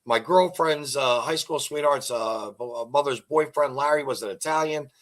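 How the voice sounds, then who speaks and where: A man's voice: medium pitch, moderate pace, fairly bright tone. A middle-aged man hosting an interview, chatting casually and telling long rambling jokes and stories. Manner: rambling joke-telling storyteller. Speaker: host.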